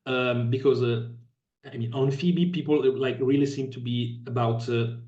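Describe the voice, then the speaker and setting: A man's voice: medium pitch, steady tone, warm tone. Italian man, echoey and distant. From Italy. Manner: thoughtful, hesitant, pausing to find words. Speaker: podcast guest. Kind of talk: casual conversation. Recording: echoey, distant, dull remote audio.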